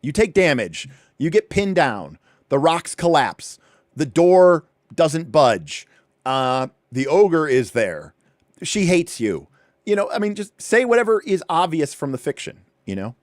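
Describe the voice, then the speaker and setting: A man hosting a livestream, casually walking through a rulebook, with animated, chatty asides and points repeated for emphasis. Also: fairly high pitch, a little slow, dry recording, studio quality. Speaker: livestream host.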